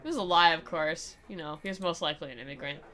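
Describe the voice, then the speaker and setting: A young woman with a low, pushed, bright voice talks quickly while streaming a dramatic reading of a visual novel. She blends narration with sarcastic jokes and replies to chat in a joking running commentary.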